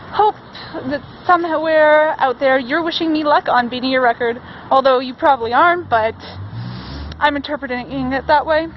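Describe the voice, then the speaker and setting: In a cosplay vlog, a woman with a high-sitting voice plays an earnest young male teacher engaged to a pilot, speaking wistfully to his absent partner. The camera audio is dull and lo-fi, with a little hiss or hum.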